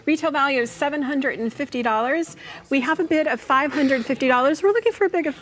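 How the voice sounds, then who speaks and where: A fairly high-voiced woman hosts a televised art auction from a studio. She is upbeat and keeps repeating the current bid and the number to call. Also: quick pace. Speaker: auction host.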